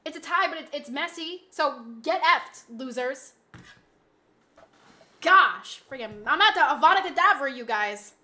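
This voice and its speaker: Brash young woman streamer, bright high voice, mouthy banter with chat. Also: animated, measured pace. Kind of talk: casual livestream chat.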